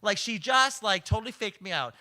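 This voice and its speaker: Animated man telling stories with voices. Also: sits high, brisk, no echo. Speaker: guest, karaoke host and cabaret producer. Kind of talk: casual storytelling chat.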